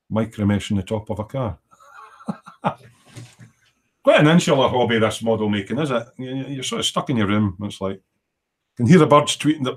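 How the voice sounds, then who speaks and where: A middle-aged man with a slightly low voice chats casually from his home workshop. He rambles from one thought to the next as he works, reading viewer comments aloud between tasks. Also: husky. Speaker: livestream host. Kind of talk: casual chat while working.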